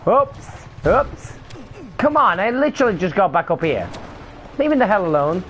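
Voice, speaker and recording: Young male streamer, slightly high voice, animated frustrated live commentary. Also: a little fast, a little hiss or hum. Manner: frustrated swearing outbursts. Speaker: gaming streamer.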